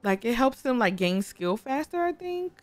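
A young woman giving casual gameplay commentary, gushing, excitable and talking to her game characters, often breaking into high squeals. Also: normal speed. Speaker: gaming YouTuber. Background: faint background music.

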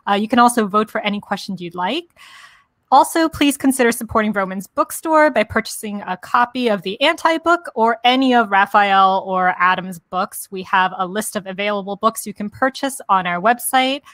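A woman's voice: medium pitch, expressive, normal speed, a bit bright, no echo. A woman introduces an online author event in a friendly, announcing manner. The sound is dry and close. It comes over a video call. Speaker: bookstore event host.

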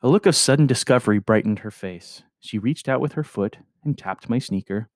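A man reading a novel aloud in the first person, with expressive narration. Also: lowish voice, moderate pace, hardly any pauses, no echo, studio quality. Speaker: audiobook reader. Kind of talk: audiobook narration.

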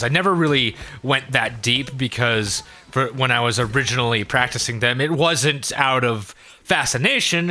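A man's voice: mid-range voice, sharp tone. A man hosting a let's play, rambling in casual gameplay commentary and swearing often.

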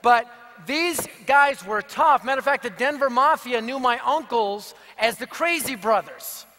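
A high-pitched man delivers a sermon full of jokes and punchy stories. His voice is bright and carries force. It rings out with long reverb in a large hall. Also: unhurried. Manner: energetic, punchy, joking. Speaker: evangelist speaker. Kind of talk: sermon with humorous storytelling.

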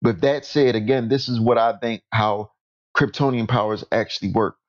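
A man talks through his subject in loose, casual commentary, often stumbling and correcting himself. His voice sits at an ordinary middle pitch. The recording sounds dull and lo-fi, as if from a modest home setup. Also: steady tone, normal speed. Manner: rambling, self-correcting. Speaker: YouTube host.

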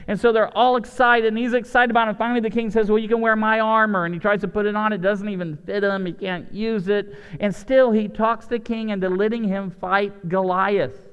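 A man preaching as a pastor, storytelling with lively swings between excited high lines and quiet low asides. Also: fairly quick, clean tone. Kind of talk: lively sermon with acted-out voices. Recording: dull lo-fi church hall sound.

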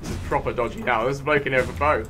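Swearing British lad narrating a game. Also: male voice, medium pitch, fairly even intonation, very fast, very noisy. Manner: jumpy, swears a lot, shifts from hushed to shouting. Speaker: gaming YouTuber. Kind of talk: live gameplay commentary.

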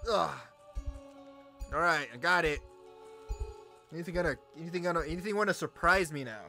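A young man giving loud, cursing let's-play commentary, yelling at monsters as his voice grows hoarse. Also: on the high side, fairly quick, faint music behind. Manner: loud, swearing, talks to the monsters. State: voice getting hoarse. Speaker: gamer.

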